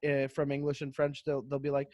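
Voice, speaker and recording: A man, a comedian guest, chatting casually and telling jokey stories with quick restarts over a home mic. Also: medium pitch, completely flat delivery, a little mellow, dry recording. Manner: quick, joking storyteller with restarts. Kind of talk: casual chat. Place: home, remote. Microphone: home microphone, remote call.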